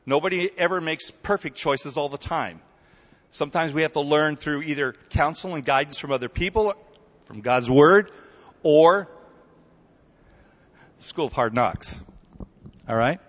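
A man preaching a sermon in a relaxed, conversational way, telling stories and often checking in with his listeners. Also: fairly high pitch, normal speed. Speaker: pastor. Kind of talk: sermon with storytelling. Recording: dull recording in a hall with long reverb.

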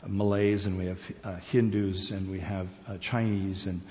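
A man's voice: low-pitched, little pitch movement, moderate pace, warm tone. Man talking in a reverberant hall. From Korea, Borneo and Singapore. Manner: rambling, conversational, with many fillers and restarts. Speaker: speaker. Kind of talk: informal personal talk. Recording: dull sound with long hall reverb.

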